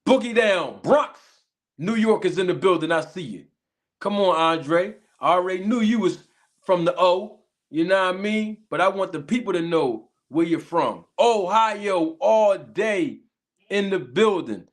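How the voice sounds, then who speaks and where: Hosting a laid-back livestream, a Philly-accented man from Philadelphia speaks in a high, expressive voice. Though a bit under the weather, he welcomes viewers with long, drawn-out shout-outs and his catchphrases.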